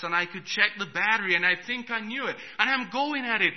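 A man's voice: high voice, normal speed, few pauses. Man preaching on a dull recording. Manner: storytelling, swings from hushed to loud, chuckles. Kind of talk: sermon with personal story.

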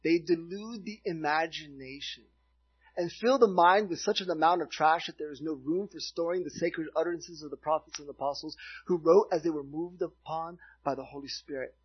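A middle-aged man from Miami preaching a sermon in an earnest, halting way, telling a story between points, in a dull lo-fi recording. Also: on the high side, husky. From Miami, United States. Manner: earnest, halting, with restarts and asides.

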